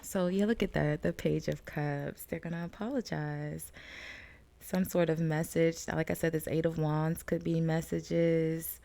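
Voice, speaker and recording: A woman's voice: deep voice, level tone, a little slow, gravelly, dark tone. A woman giving a casual tarot card reading to her viewers. She is chatty, laughs often, and calls the viewer "friend.". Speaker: tarot reader.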